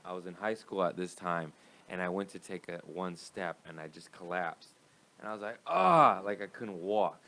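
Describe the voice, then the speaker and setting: A man's voice: low-pitched, fairly even intonation, normal speed, a bit bright, slight background noise. A young man, a comedian guest, telling a profane, rambling story in casual chat.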